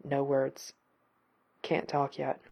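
A woman's voice: very deep voice, monotone, slow pace, vocal fry, darkish tone, breathy edge, pitched below the performer's own voice, exaggerated voice. A woman reading aloud, voicing a fragile, diffident young man who speaks in a subdued way.

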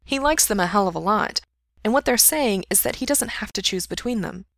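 A woman reading a story aloud in a steady, intimate way. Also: mid-range voice, a little fast, vocal fry, no room sound, clean studio sound. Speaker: story reader. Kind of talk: reading fan fiction aloud.

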